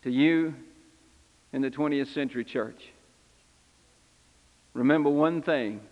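A man's voice: mid-range voice, slow pace, long reverb tail, phone-quality sound, close to an everyday voice. A man preaching in character as Simon Peter, an impulsive, repentant fisherman, telling his story in first person with earnest, confessional feeling. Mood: exhorting. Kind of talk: first-person dramatic sermon monologue.

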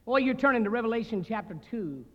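A man with a high, light voice preaches a guest sermon in a seminary chapel. He is a folksy storyteller who mixes jokes into the message, and his words ring out with a long hall reverb. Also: lively intonation, fast talker, dull audio.

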